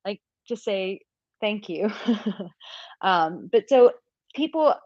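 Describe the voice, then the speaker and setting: A woman's voice: mid-range voice, no echo, dull audio. An American woman who coaches men on dating, chatting casually on a live-stream Q&A with lots of filler words. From United States. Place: home, living in Portugal.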